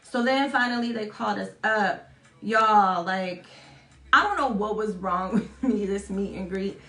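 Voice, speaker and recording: A woman's voice: unhurried, a bit bright. Chatty woman in an echoey room. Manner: chatty, swearing, self-mocking, acts out quotes in high voices. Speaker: vlogger. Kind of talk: casual storytelling vlog.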